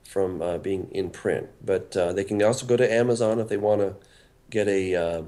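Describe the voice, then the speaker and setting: A man's voice: low-pitched, moderate pace, warm tone. A man, a pastor and author, talking earnestly as a radio interview guest, often repeating words as he starts a thought.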